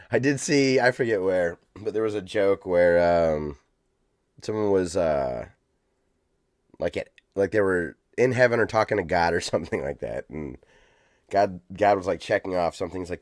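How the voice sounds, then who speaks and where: A man with a lowish voice chats on a casual podcast, easygoing and a little hesitant. The sound is dry and close to the mic. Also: normal speed, no room sound. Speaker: podcast co-host.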